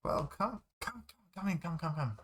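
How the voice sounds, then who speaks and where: A man's voice: on the high side, big pitch swings, moderate pace, fairly bright tone, husky, pitched above the performer's own voice, exaggerated voice. A man voicing a friendly but flustered neighbor who hedges and stammers, in a tabletop game. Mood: welcoming. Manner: hesitant, full of ums and trailing phrases.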